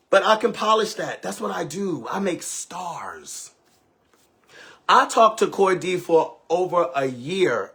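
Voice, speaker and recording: A man on a livestream, telling a dramatic story in a casual, profane way, swinging between loud outbursts and hushed asides. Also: fairly high pitch, breathy edge.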